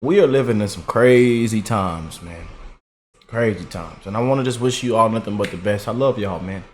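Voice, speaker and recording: A man's voice: fairly low pitch, normal speed, darkish tone, a little hiss or hum. A man giving casual, rambling commentary to his viewers, drawling and calling them y'all. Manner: laid-back, drawling, repeats "man" and "y'all". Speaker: political commentary vlogger.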